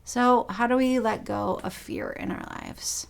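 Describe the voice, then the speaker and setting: A woman's voice: a little high, a little slow, vocal fry. A middle-aged woman pastor giving a sermon, telling personal stories in an earnest way.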